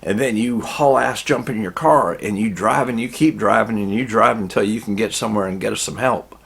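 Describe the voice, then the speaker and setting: Gravelly, husky man telling a tale. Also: fairly low pitch, fairly bright tone. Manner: folksy, rambling, drawn-out telling. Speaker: storyteller. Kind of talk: casual spoken storytelling.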